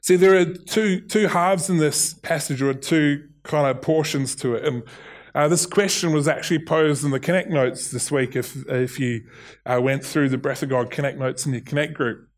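A man's voice: a little high, normal speed. A middle-aged man with a New Zealand accent preaching a sermon, earnest, often restarting and repeating his words. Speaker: pastor.

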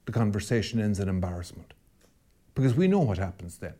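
Man, catholic priest on a podcast, preacherly rhetoric, voice swooping up and down, mellow warm tone. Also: on the low side, sing-song, fairly quick. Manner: rhetorical, preacherly, repeats phrases for emphasis. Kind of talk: impassioned podcast argument.

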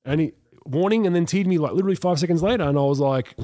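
A man co-hosting a basketball podcast, telling stories in a fast, animated way with laughs. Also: on the high side, dry recording. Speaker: podcast co-host and youth basketball coach. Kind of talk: casual chat.

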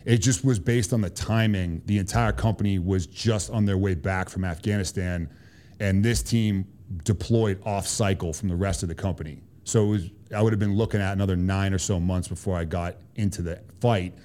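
A man's voice: sits low, steady tone, normal speed, warm tone. A man with a Boston accent, a guest on an interview podcast, telling stories casually and animatedly, swearing freely and tagging lines with "right?". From Boston, USA. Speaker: podcast guest, Army Special Forces officer.

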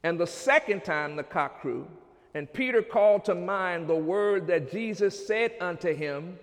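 A pastor preaching with a high, ringing voice. He talks to the congregation with call-and-response and builds to shouts. The sound carries a long reverb from a church hall. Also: moderate pace. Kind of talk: sermon.

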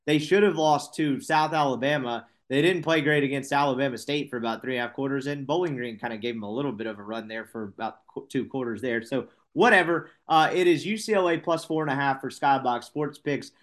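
A man's voice: medium pitch, a little fast, few pauses, fairly bright tone. A man hosting a casual sports betting podcast, rambling and correcting himself with wry asides.

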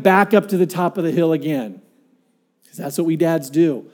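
A man preaching a sermon, earnest and dynamic, dropping to a hush and then rising to emphatic points as he tells stories. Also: fairly high pitch, normal speed. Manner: dynamic, swinging from hushed to emphatic; earnest storytelling with acted-out quotes. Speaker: pastor.

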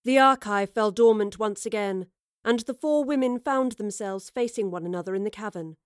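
A woman narrating a fantasy audiobook in a steady, expressive storytelling voice. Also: mid-range voice, moderate pace, dry recording, studio quality. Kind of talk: scripted narration.

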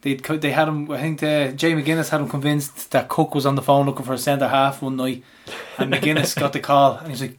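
A man's voice: medium pitch, flat delivery, brisk. An Irish man co-hosting a casual football podcast, joking and bantering and mimicking people as he tells stories. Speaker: podcast co-host. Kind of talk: casual chat about football.

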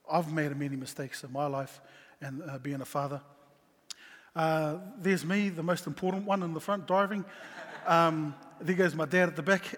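A middle-aged man shares a story from his own life as a father. He talks earnestly and haltingly, restarting his sentences often. His voice sits a little high, and a long hall reverb trails after his words. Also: a bit bright. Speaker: father sharing a personal story. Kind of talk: personal testimony talk.

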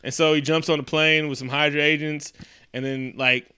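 A man with a bright, crisp and fairly high voice talks through a movie's plot with a friend. He keeps jumping into exaggerated voices for the characters and laughs a lot. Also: normal speed. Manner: animated, acts out characters in quoted voices, laughs often. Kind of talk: casual movie recap chat.

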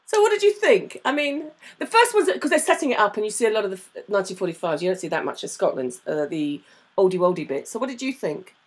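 British woman, 30s, podcast co-host, eager and giggly, rapid animated delivery. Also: mid-range voice, breathy edge. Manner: enthusiastic, laughs often. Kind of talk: casual chat.

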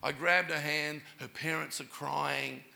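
A middle-aged man, a pastor, preaching a sermon and telling stories with lively acted-out dialogue. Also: a little high, measured pace, gravelly. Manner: animated preacher, acting out quoted dialogue. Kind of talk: sermon with storytelling.

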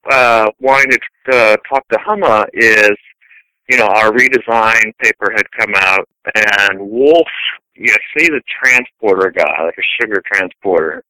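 Bright, crisp-voiced storytelling man. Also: lowish voice, no room sound, low-quality recording. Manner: rambling anecdotal storyteller. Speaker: scientist guest. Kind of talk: casual conversational interview.

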